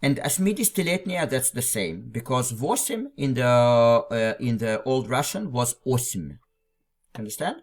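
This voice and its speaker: A man's voice: mid-range voice, animated, moderate pace. Patient man teaching a literary text. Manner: patient, repeats phrases and restarts often. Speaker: language teacher. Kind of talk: explaining a literary text line by line.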